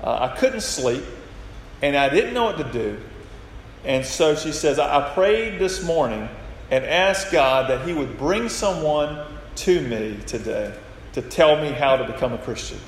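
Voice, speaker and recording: A man's voice: big pitch swings, unhurried. Man preaching in an echoey hall. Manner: retells stories, acting out quoted lines with rising pitch. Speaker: pastor. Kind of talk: sermon with storytelling. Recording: echoey hall with faint noise.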